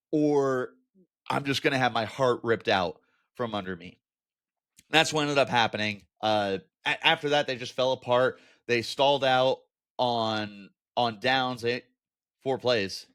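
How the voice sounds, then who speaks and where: Candid man breaking down a football loss. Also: mid-range voice. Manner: candid, animated, with exasperated asides. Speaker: sports podcast host. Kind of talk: casual sports commentary.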